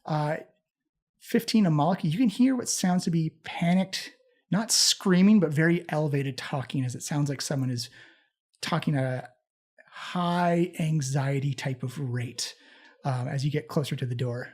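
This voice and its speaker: A man running a tabletop game as game master, playful and quick to laugh. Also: on the high side.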